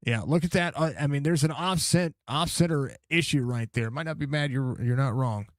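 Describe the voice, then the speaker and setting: A man doing casual live commentary on a sim race while chatting with viewers, with excited outbursts at crashes. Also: fairly high pitch, normal speed, no room sound. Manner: chatty, greets viewers by name between race calls. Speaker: sim racing league commentator and streamer.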